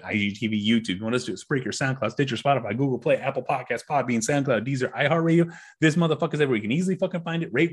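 Husky, foul-mouthed ranting man. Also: mid-range voice. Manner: angry, swears constantly, rambling. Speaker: podcast host. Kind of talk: profane ranting monologue.

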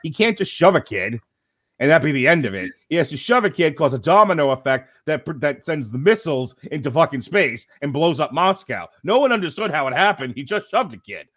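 A man's voice: a little high, sing-song, a little fast, fairly bright tone, no room sound, clean studio sound. A man co-hosting a podcast and recapping a movie in a casual, sardonic, profane way. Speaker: podcast co-host. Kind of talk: casual comedic movie review.

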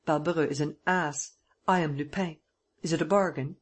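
A reader voicing a cunning gentleman thief who presses a bound prisoner in a harsh, insistent way, in an audiobook. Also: mid-range voice, fairly even intonation, normal speed, breathy edge, close to an everyday voice.

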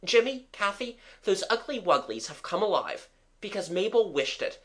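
A reader voicing a bossy, quick-thinking schoolboy giving brisk orders. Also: medium pitch, big pitch swings, pitched above the performer's own voice, close to an everyday voice. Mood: urgent. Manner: brisk, commanding.

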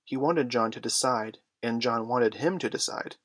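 Man, storybook narration, measured, mid pitch, dry close sound. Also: fairly bright tone, husky, no echo. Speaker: audiobook reader.

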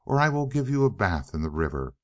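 A man's voice: fairly low pitch, big pitch swings, fairly quick, no room sound, clean studio sound. A man voicing a cross man mending his boat in a storybook reading, speaking in a curt, scolding way.

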